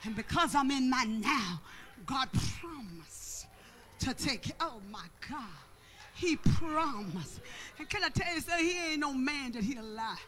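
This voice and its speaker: A pastor preaching a sermon with passion, shouting and half-singing repeated refrains. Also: high voice, expressive, unhurried. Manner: repetitive call-and-response preaching.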